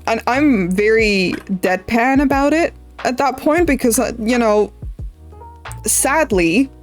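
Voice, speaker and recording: A young woman streamer from the Netherlands, casually rambling through a story while drawing, swearing freely. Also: on the high side. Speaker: art streamer.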